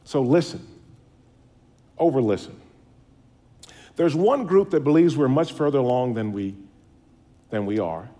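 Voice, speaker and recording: A man's voice: medium pitch, lively intonation, a little slow, long pauses, mellow. A middle-aged man giving a public speech in a folksy, storytelling way, poking fun at himself. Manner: folksy, storytelling, self-deprecating. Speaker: speaker.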